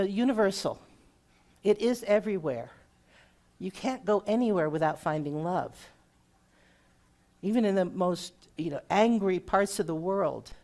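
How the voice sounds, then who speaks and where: Middle-aged woman minister, slightly low-pitched, preaching a sermon in a chatty, conversational way. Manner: warm conversational preaching with audience questions. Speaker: guest minister.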